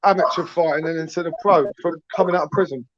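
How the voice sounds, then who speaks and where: High quick-talking guy asking interview questions, crowd noise behind, lo-fi. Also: steady tone. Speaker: interviewer, host.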